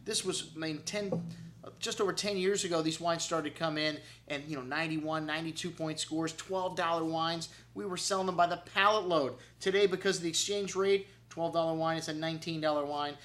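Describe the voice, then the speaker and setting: A man's voice: fairly high pitch, fairly even intonation, a little fast, a bit bright. A man hosting a wine show, rattling off casual, enthusiastic tasting notes with frequent fillers. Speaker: wine shop host.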